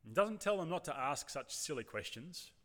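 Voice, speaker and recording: A man's voice: a little high, very animated, moderate pace, a bit bright. A man preaching a sermon, reflective and rhetorical, speaking in a church. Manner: reflective, rhetorical, acts out voices of the congregation. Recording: long reverb of a church hall.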